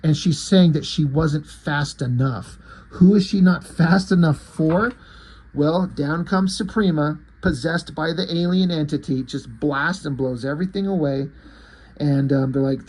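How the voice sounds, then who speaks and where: Husky, eager comic recap guy. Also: fairly high pitch, measured pace, darkish tone. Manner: enthusiastic, rambling retelling. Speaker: comic book reviewer.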